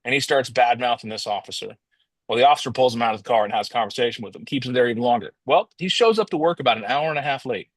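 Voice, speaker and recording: Man, motivational storytelling, casual rambling delivery, mid pitch, dry close recording. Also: very fast, no room sound. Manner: casual and rambling, restarts often, addresses listeners as guys.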